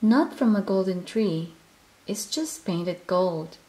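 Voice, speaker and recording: A woman voicing a small, timid male creature in a storybook reading, with a squeaky, fretful voice. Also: lively intonation, slow, a little mellow. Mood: sad.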